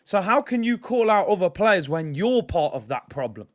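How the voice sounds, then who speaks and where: A man hosts a football fan vlog. His voice sits a bit high, and he talks bluntly and passionately, hammering points home by repeating them. He keeps turning to his viewers and calling them "people.". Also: big pitch swings, moderate pace. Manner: addresses viewers directly as "people". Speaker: football fan channel host. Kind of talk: ranting fan reaction vlog.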